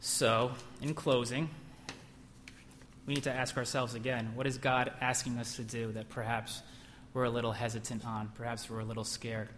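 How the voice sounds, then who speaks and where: A man's voice: mid-range voice, level tone, normal speed, a bit bright, a little hiss or hum. A man preaching a sermon in a church, emphatic, asking the room questions and acting out whispered lies. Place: church hall. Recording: long hall reverb.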